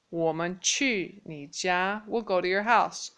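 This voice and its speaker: A woman teaching a casual Mandarin lesson, patiently repeating phrases slowly and clearly. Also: lowish voice, fairly bright tone. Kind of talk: casual spoken language lesson.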